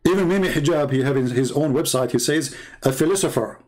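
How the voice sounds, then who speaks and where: A man hosts a livestream in a scornful, emphatic voice that sits somewhat high. His English is non-native, with broken grammar, and his voice sounds slightly hoarse. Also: a little fast, darkish tone. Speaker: host of a debate livestream. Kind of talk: livestream commentary while calling viewers.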